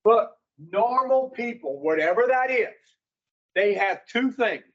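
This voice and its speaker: A man's voice: extremely high pitch, expressive, a little slow, a bit bright, lo-fi sound. A man speaking to an addiction recovery group in a folksy, preaching way, putting rhetorical questions to his listeners.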